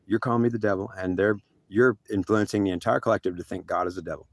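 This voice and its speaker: A man's voice: fairly low pitch, fairly even intonation, fast talker, no echo. An older man voicing God as a stern, threatening male figure who scolds and repeats his threats.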